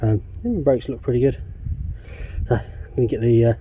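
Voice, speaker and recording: A man's voice: medium pitch, expressive, moderate pace, warm tone, slightly rough. An English man vlogging casually while working on his van outdoors, rambling and swearing often in a laid-back way. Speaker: DIY van customizer vlogger.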